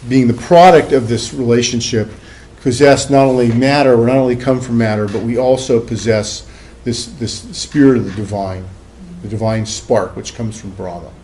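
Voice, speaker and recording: A man's voice: medium pitch, normal speed, warm tone, slight background noise, low-quality recording. A man giving a classroom lecture as a psychology professor, loose and conversational, with many fillers and asides.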